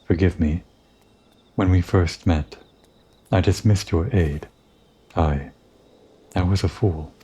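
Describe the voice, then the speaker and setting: A man reading the lines of an earnest, mysterious young woman who pleads haltingly, reading game dialogue aloud. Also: low-pitched, mellow, husky, heavily acted. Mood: pleading.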